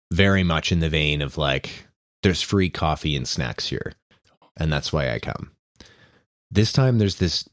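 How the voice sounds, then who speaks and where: A man's voice: deep voice, fairly bright tone, no echo, clean studio sound. A man narrating as game master in casual, rambling talk.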